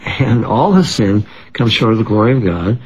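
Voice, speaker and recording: A man's voice: fairly low pitch, animated, moderate pace, husky, rough recording. An older man discussing scripture in an emphatic, preacher-like manner, pressing each point. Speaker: guest Bible teacher. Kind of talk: conversational religious discussion.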